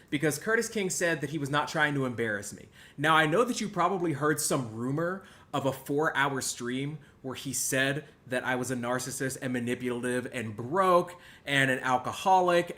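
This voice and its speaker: A young man with a bright, forceful voice hosts a podcast and piles on sarcastic, over-the-top apologies. His delivery lurches from loud protests to low mumbles. The contrition is plainly exaggerated. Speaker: podcast host.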